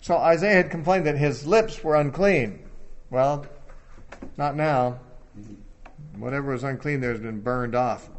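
A man's voice: mid-range voice, a little slow, pauses often. A man giving an expository Bible teaching, conversational and thinking aloud, lifting his voice when he quotes scripture.

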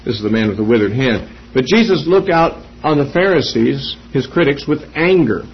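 A man giving an expository Bible teaching, reasoning step by step through quoted scripture in a measured way. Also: mid-range voice, expressive, breathy edge. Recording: dull lo-fi recording.

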